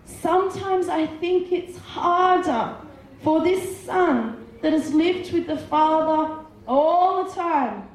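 Woman preacher, high-pitched, slow and emphatic, reverberant hall sound. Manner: impassioned, retelling story with voiced characters. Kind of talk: sermon. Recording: very echoey hall.

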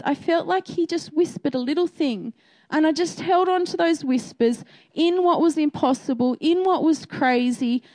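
A woman's voice: high voice, a little mellow. A woman who works as a midwife, giving a chatty faith testimony and encouragement, acting out her own reactions as she talks. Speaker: midwife sharing a faith message.

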